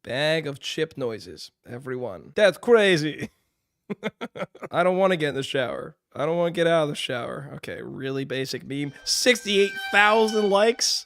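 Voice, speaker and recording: A man streaming live, giving mocking, animated commentary on videos and swearing freely. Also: on the high side, clear, resonant tone, no room sound, studio quality.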